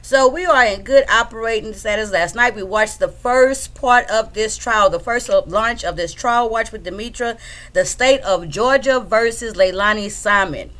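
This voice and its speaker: A woman's voice: fairly high pitch, normal speed, a bit bright. A woman hosting a casual livestream from home, chatting loosely and greeting her viewers by name. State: a bit out of breath. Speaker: livestream host.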